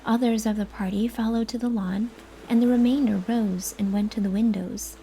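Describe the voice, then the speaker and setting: A woman softly narrating a folk tale as soft-spoken ASMR bedtime storytelling, in a hushed, unhurried manner. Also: medium pitch, fairly even intonation, a little hiss or hum.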